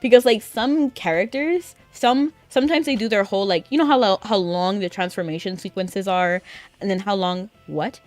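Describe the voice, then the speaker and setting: A chatty young woman talks her way through a game on a live stream, rambling easily and dropping plenty of "like". Her voice sits at an ordinary middle pitch and sounds dry and close, with faint music under it. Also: animated, moderate pace, no room sound. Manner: chatty and rambling, with frequent filler "like". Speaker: VTuber streamer. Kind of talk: casual gaming stream chat.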